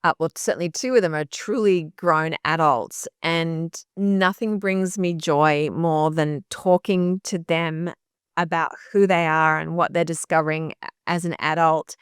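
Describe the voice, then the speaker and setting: A woman in her fifties, a podcast guest, telling stories in a warm, animated way and laughing easily. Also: low voice, unhurried, clear, resonant tone, no room sound, studio quality. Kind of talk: interview conversation.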